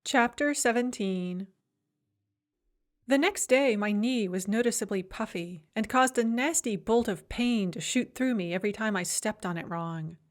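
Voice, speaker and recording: A woman's voice: medium pitch, a little slow. Woman narrating an audiobook, wry. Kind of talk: scripted first-person audiobook narration.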